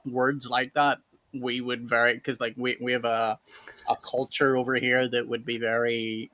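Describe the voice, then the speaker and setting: A man's voice: medium pitch, little pitch movement, moderate pace, pushed and bright. A man, co-hosting a casual chat and explaining things in a dry, matter-of-fact way. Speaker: co-host.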